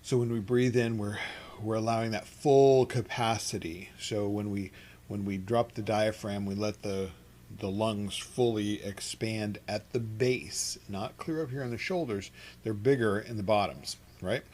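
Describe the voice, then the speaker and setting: A man leading a meditation and chanting class from his home studio, talking in a relaxed, rambling way with soft laughs and restarts. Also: lowish voice, a little slow. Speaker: meditation teacher. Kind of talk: guided chanting instruction. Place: home studio with an open window.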